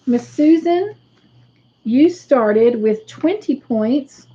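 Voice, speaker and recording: A woman hosting a casual livestream, slowly tallying up points for viewers. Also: high-pitched, animated, mellow, muffled recording, slight background noise. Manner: slow, careful tallying of points. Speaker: livestream host.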